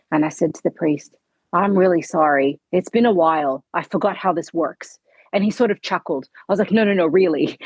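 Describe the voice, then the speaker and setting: Woman guest, husky low voice, halting emotional testimony, dry sound. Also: no echo, low-quality recording. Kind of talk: personal testimony interview.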